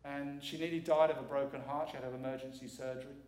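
In an echoey church sanctuary, a middle-aged guest preacher gives a sermon in a mid-range, darkish voice that is level in tone. He talks fast, earnest and emphatic, repeating words for weight.

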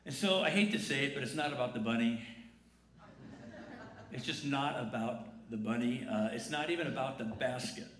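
Speaking at a moderate pace in a mid-range, fairly bright voice, a pastor delivers a conversational, joking Easter sermon. He gets the large congregation to answer back in call-and-response, and the recording has church echo and faint noise.

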